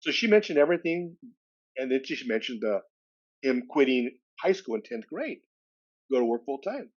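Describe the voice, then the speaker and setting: Guy in his 60s from california telling his story on a podcast, mid pitch, kinda muffled lo-fi sound. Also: sing-song, moderate pace. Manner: loose, conversational, retells dialogue with "he goes". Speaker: podcast guest. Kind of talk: casual personal storytelling.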